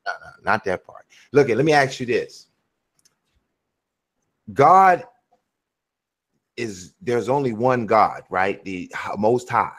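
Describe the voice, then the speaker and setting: A man with a mid-range voice who talks at an unhurried, deliberate pace. He lays out his argument step by step and reads scripture aloud slowly. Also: mid-range voice, animated, fairly bright tone. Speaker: host. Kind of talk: casual religious discussion.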